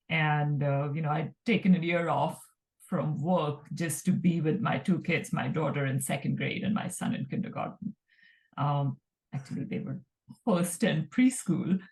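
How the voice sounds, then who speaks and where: Low-voiced middle-aged woman. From India. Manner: relaxed, thoughtful, many fillers. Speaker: guest entrepreneur. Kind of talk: casual interview talk.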